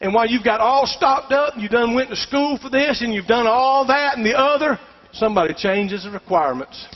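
A middle-aged male pastor preaches with emphatic fervor, urging his congregation to answer back. His voice sits very high for a man. The dull, muffled recording carries a long hall reverb from the church sanctuary. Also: expressive, brisk. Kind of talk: sermon.

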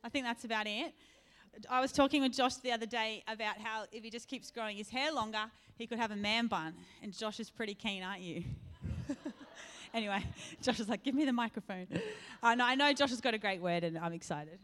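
A woman's voice: a little high, fairly quick. Woman giving church announcements. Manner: warm, joking, encouraging. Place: church hall.

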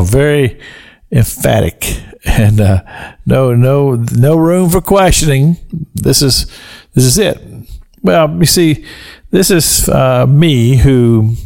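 An older man hosts a Christian radio talk segment into a studio microphone. His voice is gravelly, and his pitch is mid-range for a man. He speaks in a folksy, earnest, conversational way.

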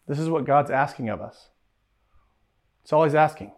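A man's voice: on the high side, normal speed, long pauses. A man preaching a sermon, emphatic, who repeats key phrases and asks rhetorical questions.

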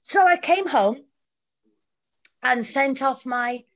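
A woman's voice: high-pitched, takes it slowly. A middle-aged woman from England, a former dancer, telling a story in casual chat and acting out the people she quotes. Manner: animated, acts out quoted voices. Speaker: guest. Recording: dull lo-fi audio.

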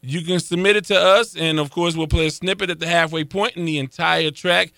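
A man's voice: on the high side, fairly even intonation, brisk, creaky, fairly bright tone, dry recording. A man hosting a casual sports podcast, joking and teasing his co-hosts and laughing often. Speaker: podcast host.

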